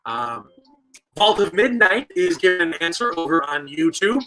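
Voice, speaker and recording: Playful bright-voiced man hosting trivia. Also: a little high, sing-song, moderate pace, faint music behind, poor audio. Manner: playful, jokey, reads out viewer answers. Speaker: trivia night host. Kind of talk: casual livestream hosting, reading chat. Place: store basement with stone walls.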